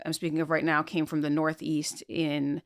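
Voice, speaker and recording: Smooth low-voiced American woman chatting. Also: completely flat delivery, moderate pace, no echo, studio quality. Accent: General American. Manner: explanatory, lecturing tone. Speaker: podcast co-host. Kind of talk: casual conversational chat.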